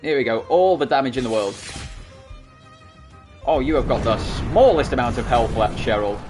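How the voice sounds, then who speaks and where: An Australian man with a Sydney accent commentating a video game, excitable and shouting at the battles. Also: mid-range voice, moderate pace, soft background music. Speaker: gaming channel host. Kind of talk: let's play commentary.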